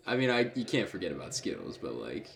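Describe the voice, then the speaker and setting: A man's voice: low-pitched, sing-song, fast, vocal fry, fairly bright tone, faint music behind. A man in his thirties co-hosting a casual video commentary, laid-back and slangy. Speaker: co-host and video creator.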